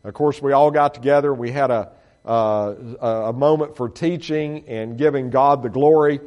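A man's voice: mid-range voice, normal speed, muffled recording. Folksy, earnest male missionary. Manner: folksy and earnest, many fillers and restarts. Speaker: missionary reporting to supporters. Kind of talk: slide-show talk to a congregation.

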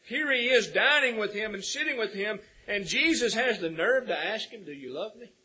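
A man's voice: high-pitched, moderate pace, pushed and bright, slightly rough, poor audio. A man preaching a sermon, earnest and building to emphatic peaks.

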